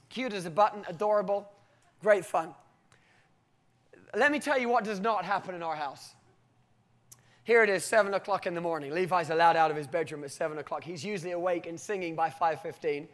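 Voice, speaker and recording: A man preaching a sermon with animated storytelling and emphatic, halting restarts. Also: high voice. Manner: animated storytelling, often breaking into acted voices.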